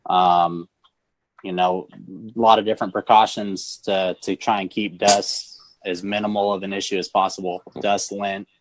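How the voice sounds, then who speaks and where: Low-voiced man on a video call. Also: flat delivery, moderate pace, no echo. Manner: hesitant, repeats words while explaining. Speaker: phone screen refurbisher guest. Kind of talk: casual live-stream chat.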